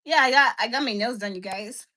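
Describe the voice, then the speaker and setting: A woman's voice: a little high, brisk, bright, forceful tone. A woman in her twenties chatting casually on a livestream, frank and blunt, laughing often and talking in slang. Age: 20s.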